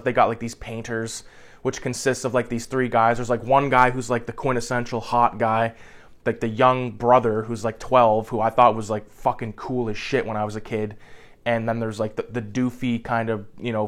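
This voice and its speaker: A young man casually recapping a movie plot in a rambling way, swearing freely and filling his speech with "like". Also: medium pitch. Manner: rambling, profane, heavy on "like" fillers.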